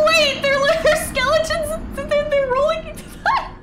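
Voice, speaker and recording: A woman's voice: very high-pitched, very noisy. A woman giggling and exclaiming while playing a video game, chatting to the characters on screen. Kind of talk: let's-play commentary. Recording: voice over game music.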